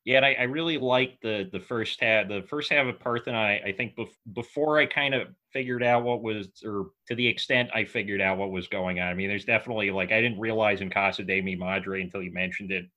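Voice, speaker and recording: A man co-hosts a relaxed film podcast, thinking aloud as he talks. His voice is bright and sits fairly low. He stops and restarts his sentences often, leaning on fillers. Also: dull audio. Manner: halting, many restarts and fillers. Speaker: podcast co-host. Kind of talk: casual chat.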